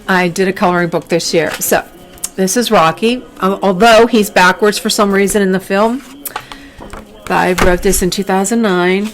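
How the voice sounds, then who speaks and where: A woman's voice: mid-range voice, steady tone, normal speed, faint music behind, poor audio. A woman author reading her children's book aloud, with chatty asides. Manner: chatty asides, laughs often.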